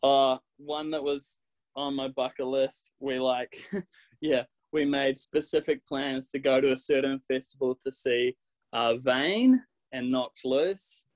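A young man from New Zealand with a Kiwi accent, a graphic designer chatting casually as an interview guest, relaxed and laughing often. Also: medium pitch, slow, poor audio.

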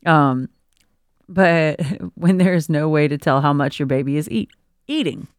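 A woman's voice: low voice, unhurried, clean tone, no room sound, clean studio sound. A woman co-hosting a casual podcast, reading parenting advice aloud and breaking off into laughing asides. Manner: reads aloud then riffs with laughing asides. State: expecting a baby. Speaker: podcast co-host.

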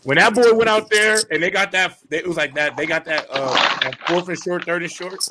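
A man's voice: high voice, fairly quick, very noisy. A man co-hosting a casual sports podcast, making his points emphatically and repeating them. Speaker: podcast co-host.

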